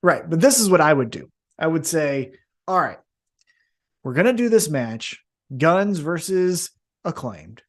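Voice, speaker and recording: Animated, swearing male podcast co-host. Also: fairly high pitch, measured pace. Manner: animated, swearing, acts out wrestlers in jumpy voices. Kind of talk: casual podcast chat.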